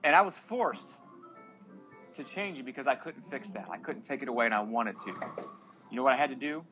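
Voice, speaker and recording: A man's voice: medium pitch, expressive, fairly quick, sharp tone, poor audio. Man, 30s, earnest, emotional, preachy, podcast talk, music in background. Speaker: podcast guest, single father.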